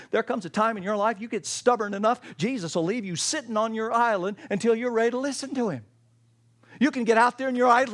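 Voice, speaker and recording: A pastor preaching a sermon with emphatic, repetitive phrasing and folksy asides. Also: male voice, very high voice.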